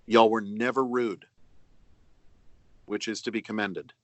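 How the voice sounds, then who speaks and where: A middle-aged man, an actor and narrator, giving measured, earnest answers over a video call, pausing often. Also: fairly low pitch, steady tone, fairly bright tone, no room sound. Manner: earnest, measured, with many pauses and fillers. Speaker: actor and audiobook narrator, interview guest. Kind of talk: reflective interview answers.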